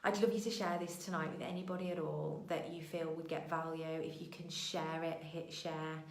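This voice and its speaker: Emotional woman with a gravelly low voice. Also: little pitch movement, normal speed, echoey room, low-quality recording. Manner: emotional, voice breaking into tears at times; earnest, storytelling with acted-out quotes. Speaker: business coach hosting a weekly show. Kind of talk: heartfelt motivational monologue.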